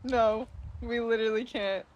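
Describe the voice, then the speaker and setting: A woman's voice: on the high side, steady tone, normal speed, lo-fi sound. A young woman, a guest on a casual podcast, chatting and laughing often as she talks. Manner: giggly, laughs often while talking. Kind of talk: casual chat.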